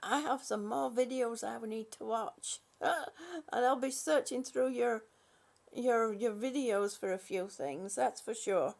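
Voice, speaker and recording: Older woman, live-stream host, unhurried, gravelly, a bit high-pitched, friendly rambling chat with viewers. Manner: chatty, warm-hearted, with frequent "um" and restarts. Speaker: channel host.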